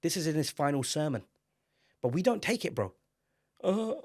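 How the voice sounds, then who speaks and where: A man, co-hosting a casual podcast, emphatic and animated, climbing to loud exclamations. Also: fairly high pitch, quick pace, no echo, clean studio sound. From England. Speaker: podcast co-host.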